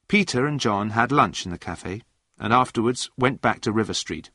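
Man, story narration, plain clear reading, lively pitch, dry close sound. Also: moderate pace, dry recording.

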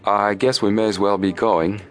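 A man's voice: on the low side, fairly even intonation, normal speed, faint music behind, voice pushed up, close to an everyday voice. A man reading a storybook voices a determined teenage boy detective who talks firmly and tensely. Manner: firm, tense.

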